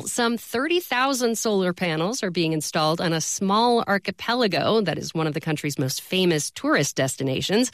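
A woman anchoring the news, reading a scripted lead-in with a measured, even delivery. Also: mid-range voice, no room sound.

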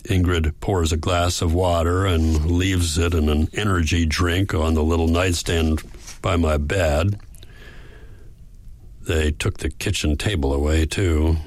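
A man reading a first-person audiobook in a measured, reflective way. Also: sits low, fairly even intonation, no echo. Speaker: audiobook narrator.

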